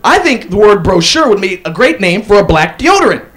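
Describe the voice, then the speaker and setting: A man doing a stand-up comedy set, deadpan setups broken by loud acted-out quotes. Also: high voice, brisk. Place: comedy club stage. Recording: live club audience laughing. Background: audience laughter.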